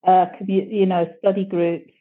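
A woman's voice: fairly low pitch, little pitch movement, moderate pace. Rambling woman guest on a tinny line. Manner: rambling, encouraging, repeats words. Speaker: podcast guest. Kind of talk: casual interview chat. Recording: tinny phone-like call audio.

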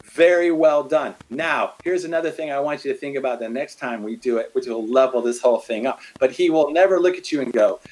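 A middle-aged man in a casual faith conversation, animated, acting out quotes as he tells stories. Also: mid-range voice, fast, few pauses, poor audio.

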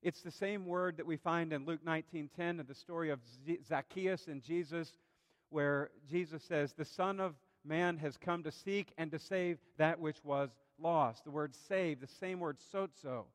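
A man preaching a sermon, telling a story earnestly and slowing down to stress key points. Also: fairly high pitch. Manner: earnest storytelling, slows for emphasis. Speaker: pastor. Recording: long hall reverb.

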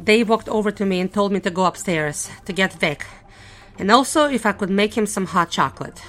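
A woman's voice: mid-range voice, brisk, fairly bright tone. A young woman narrating a first-person audio drama in a nervous, wry, self-mocking way. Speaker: narrator and lead character.

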